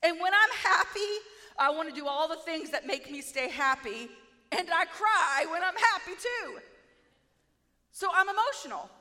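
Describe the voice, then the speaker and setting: A woman preaching a sermon in a playful, self-mocking, animated way. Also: very high-pitched, measured pace, long reverb tail.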